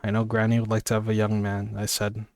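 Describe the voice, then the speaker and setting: Sleepy guy reading a book out loud, low and monotone, dry close sound. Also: quick pace, no echo. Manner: stumbles and apologizes mid-reading. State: sleepy, yawning. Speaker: amateur reader. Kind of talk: casual audiobook reading.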